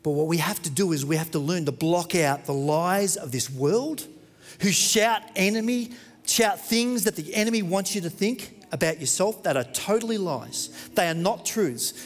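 A man preaching a sermon as pastor, dramatic and moving between loud and hushed. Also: high-pitched, expressive, normal speed, in a large hall, soft background music.

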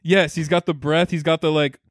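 A young man co-hosting a podcast, talking loosely with many fillers and plenty of swearing. His voice sits a little higher than most men's, recorded close and dry. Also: little pitch movement, brisk, no echo. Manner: profane, filler-heavy, laughs often. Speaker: podcast co-host. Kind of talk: casual chat.

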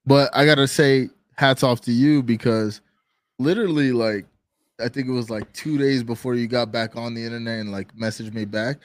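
A man's voice: medium pitch, steady tone, normal speed, no echo. A man co-hosting a podcast in casual chat, slangy and laid-back, often trailing off mid-sentence. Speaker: podcast co-host.

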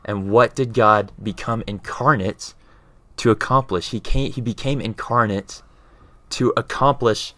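Male speaker with a fairly low voice, earnest and conversational, explains ideas and often pauses to check in with his listener. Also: steady tone, bright, forceful tone, dry recording. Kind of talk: casual explanatory talk.

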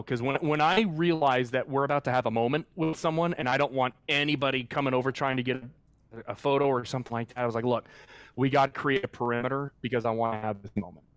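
A man's voice: medium pitch, no room sound. An earnest man recounts a moving experience from his work as a mascot performer, his speech full of fillers and restarts as he searches for words. The sound is dry and close, with no room around it. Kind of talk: storytelling in a conversational interview.

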